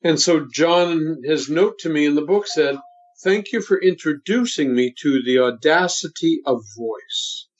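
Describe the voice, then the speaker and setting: A man in his seventies, a voice coach, talking in a deliberate and emphatic instructive way during an interview. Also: on the high side, expressive. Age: 70s. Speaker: voice coach guest. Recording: dull lo-fi sound.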